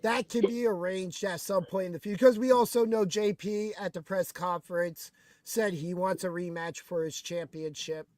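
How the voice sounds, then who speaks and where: High-voiced excitable wrestling podcast man. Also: moderate pace, no room sound. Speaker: wrestling show co-host. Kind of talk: casual podcast chat.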